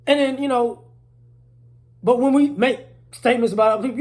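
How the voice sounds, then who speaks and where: A man's voice: extremely high pitch, brisk, a little mellow. A man delivering an indignant casual monologue, repeating words as he builds his point. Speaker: commentator.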